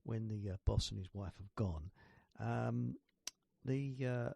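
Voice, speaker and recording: A man telling a rambling joke with many fillers, in a husky, gravelly voice. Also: fairly low pitch, takes it slowly, mellow, no echo. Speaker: joke teller. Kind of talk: telling a joke, replayed clip.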